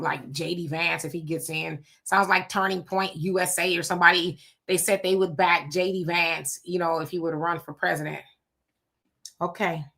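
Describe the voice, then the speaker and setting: Sex: woman. Role: livestream host. Style: casual chat, reading viewer comments. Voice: bright, forward. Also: on the low side. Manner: chatty, conversational, greets viewers by name.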